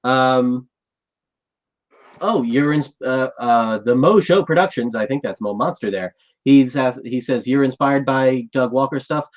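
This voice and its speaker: A man's voice: medium pitch, measured pace, dull audio. A man hosting a live podcast chat, talking casually and thoughtfully. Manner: thoughtful, rambling with fillers. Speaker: podcast host.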